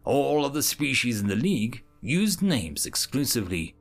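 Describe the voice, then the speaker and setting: A man doing a calm human interrogator. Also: mid-range voice, vocal fry, faint music behind, pitched below the performer's own voice. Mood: measured. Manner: measured, polite, curious. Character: calm human male interrogator, measured and curious.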